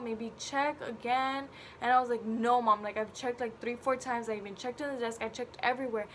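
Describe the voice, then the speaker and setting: A young woman telling a dramatic storytime about her college roommate, animated and slangy. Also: a little high, a little hiss or hum. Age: young adult. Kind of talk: casual storytime vlog.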